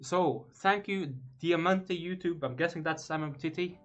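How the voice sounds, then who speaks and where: A man's voice: a little high, measured pace, dull audio, music in the background. A man co-hosting a live-streamed gaming podcast, teasing his co-host and reading out new followers. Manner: teasing, reads out followers and donations. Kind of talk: casual banter on a live stream.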